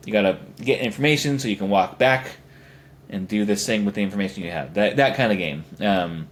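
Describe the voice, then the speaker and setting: A man's voice: fairly low pitch, fairly quick. Man, young adult, podcast co-host, casual chat, rambling, jokey. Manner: rambling, jokey, puts on silly voices.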